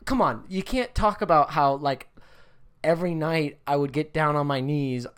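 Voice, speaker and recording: A woman's voice: sits low, normal speed, smooth. A woman co-hosting a casual comedic chat, sarcastic and fond of acting out quoted voices.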